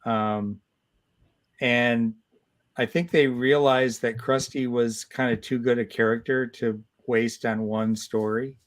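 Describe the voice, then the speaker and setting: This is a guest comic artist in his sixties, chatting through a relaxed storytelling interview. He speaks at a middle pitch with energy and frequent stumbles, launching animated anecdotes and backing up to begin them again many times.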